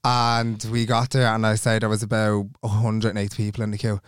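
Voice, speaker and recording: A young man, co-hosting a casual podcast chat and telling animated stories, acting out the voices of the people in them. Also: lowish voice, clear, resonant tone, no echo, clean studio sound. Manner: animated storyteller, acts out dialogue in quick voices. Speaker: podcast co-host.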